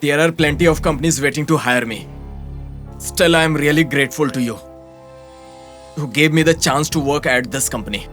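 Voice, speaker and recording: A man's voice: fairly high pitch, moderate pace, long pauses, a bit bright, faint music behind, natural voice. A man voicing a fed-up office worker in a dubbed film, grumbling and easily confused. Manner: grumbling, bewildered. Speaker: office employee turned hired agent.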